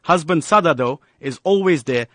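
A man narrating a scripted radio news feature in an even, polished delivery. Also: a little high, normal speed, dry recording.

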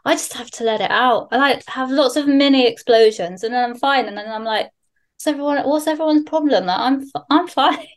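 A woman's voice: a little high, fairly quick, hardly any pauses. Candid, swearing woman telling stories. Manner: candid, swears freely, animated storyteller. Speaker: guest. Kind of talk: casual podcast chat.

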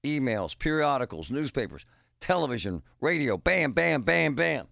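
A man's voice: medium pitch, very animated, moderate pace, creaky, fairly bright tone, no echo, clean studio sound. A middle-aged man hosting a radio show, rambling and joking in a casual monologue with punchy exclamations.

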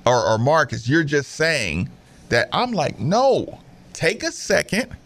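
A man hosting a basketball podcast, talking in an animated, emphatic way, repeating himself and mimicking players. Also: on the high side, slow. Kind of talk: casual opinionated commentary.

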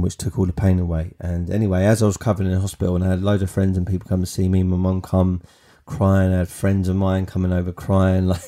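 A man, telling personal stories as a podcast host in a chatty, animated way. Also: low voice. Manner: chatty, animated storytelling with many restarts. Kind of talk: storytelling monologue.

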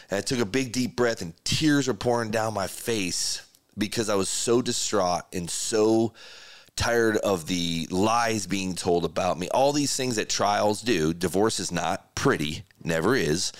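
Man, middle-aged, very low voice, dry close sound, earnest candid storytelling, emotional. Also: no room sound. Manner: emotional, earnest, speaks in restarts and quotes. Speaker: podcast host.

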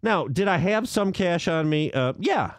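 A man's voice: sits high, expressive, a little slow, no echo. A man hosting a casual talk show, telling a story hesitantly with many restarts and asides. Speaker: podcast host.

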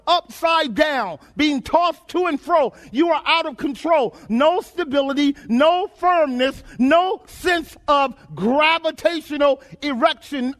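A man preaching a sermon, asking rhetorical questions, repeating phrases and swinging between shouts and low murmurs.

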